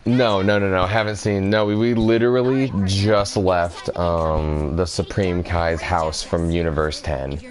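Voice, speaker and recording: A man's voice: low-pitched, a little slow, hardly any pauses. A young man chatting casually about games and anime, laughing a lot and swearing offhandedly. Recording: background noise.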